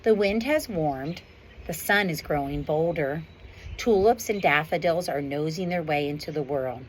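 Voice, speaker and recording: A woman's voice: sits low, a little slow, slight background noise. Ivan, a woman reading as a wry silverback gorilla. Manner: wry, understated storybook narration. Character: proud dry-humored male silverback gorilla narrator. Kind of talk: reading a novel aloud. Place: outdoors on a windy day.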